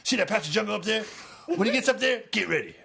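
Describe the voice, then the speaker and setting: A man voicing a tough, gruff soldier who growls and shouts orders. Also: high-pitched, lively intonation, fast, pitched above the performer's own voice, exaggerated voice. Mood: angry.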